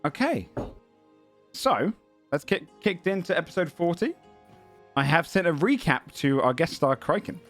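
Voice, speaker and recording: A man narrating a tabletop fantasy game as game master, halting with frequent ums and self-corrections. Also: on the high side, expressive, fairly bright tone, soft background music.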